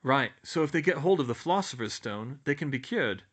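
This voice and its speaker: A man's voice: medium pitch, lively intonation, a little fast, a bit bright. A man voicing a thoughtful, worried eleven-year-old boy who speaks earnestly and steadily.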